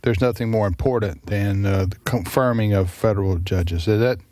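A man hosting a radio talk show, speaking in a halting way with many restarts and fillers. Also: lowish voice, darkish tone, no echo. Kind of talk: casual political chat.

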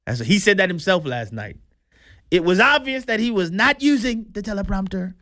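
A man's voice: high voice, expressive, brisk, sharp tone, no echo, studio quality. A man hosting a political commentary show, talking in a chatty, amused way.

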